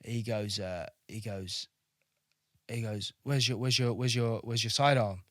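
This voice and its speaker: A man's voice: on the low side, steady tone, unhurried, no echo, clean studio sound. A man in his thirties, a navy veteran from Kosovo, telling war stories as a podcast guest in a chatty way, swearing freely and repeating words as he goes. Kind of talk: casual interview storytelling.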